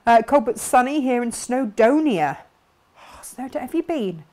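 A woman hosting a craft live stream, chatting brightly and reading out viewer comments with frequent laughs. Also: a little high, big pitch swings, normal speed. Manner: bubbly, chatty, laughs often.

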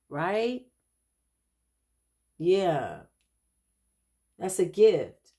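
A woman giving a casual spiritual reading, telling stories in an animated, chatty way and calling her listeners child and honey. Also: lowish voice. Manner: quick asides and restarts, laughs at herself. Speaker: intuitive spiritual reader.

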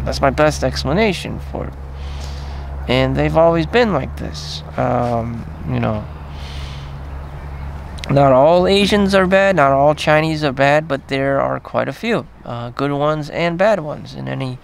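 A man vlogging in a rambling, profane monologue full of fillers and trailing pauses. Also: mid-range voice, vocal fry, slight background noise.

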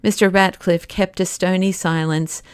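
A woman with a smooth, rather low voice reads a classic novel aloud at a measured pace, slowing for the dramatic passages. The recording is dry and close, with no room sound. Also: fairly even intonation, no room sound. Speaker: audiobook narrator. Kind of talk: scripted narration of a classic novel.

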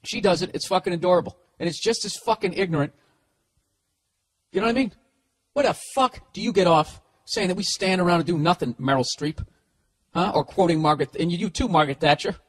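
A middle-aged man rants into his podcast mic in a husky, slightly raspy voice that sits fairly high for a man. He swears constantly, rambling and sarcastic as he unloads comedic grievances. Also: fairly quick. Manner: profane, sarcastic, rambling rant. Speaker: podcast host. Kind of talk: ranting comedic monologue.

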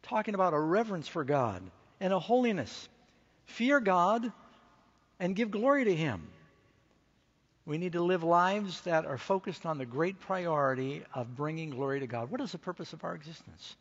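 A middle-aged man preaching a conference sermon, telling a story and rising to excited, emphatic peaks. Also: fairly high pitch, a little fast, few pauses, muffled recording. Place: large conference hall stage.

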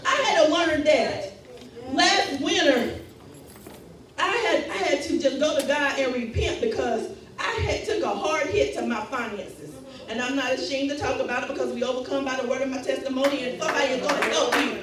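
A woman preacher delivers a fervent sermon, exhorting, laughing and working the call-and-response. Her voice sits very high and sounds distant from the mic, ringing through a heavily echoing church hall with the congregation audible around her. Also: normal speed, a bit bright, a little hiss or hum. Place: church sanctuary.

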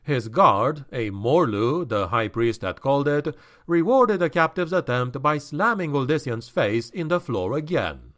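Slow, dramatic male audiobook narrator. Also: mid-range voice, sing-song, fairly bright tone. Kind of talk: scripted dramatic narration of a dark fantasy novel.

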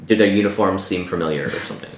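A man's voice: deep voice, racing. A man playing a tabletop role-playing game, casual and full of questions. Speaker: player. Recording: roomy room, distant mic.

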